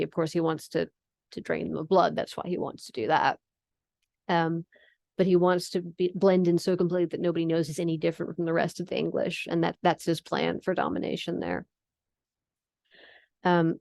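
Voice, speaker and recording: A woman giving a lecture on vampire literature, explaining in a relaxed way with frequent ums. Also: lowish voice, gravelly, no room sound, studio quality. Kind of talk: lecture with readings from a novel.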